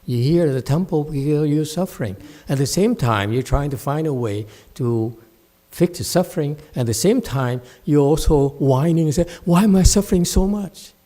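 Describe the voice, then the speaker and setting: A man's voice: a little high, moderate pace, warm tone. A man giving a Buddhist dharma talk at a temple, blunt and scolding, mocking his students' whining. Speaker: meditation teacher.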